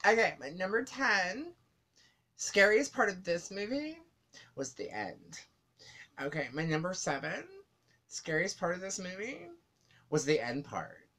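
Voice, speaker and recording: A man's voice: sits high, very animated, unhurried, long pauses, bright, forceful tone, pitched above the performer's own voice, exaggerated voice. Man doing a singsong mocking impression of a woman. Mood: teasing. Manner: exaggerated, repetitive mocking. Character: man mimicking his female co-host, singsong.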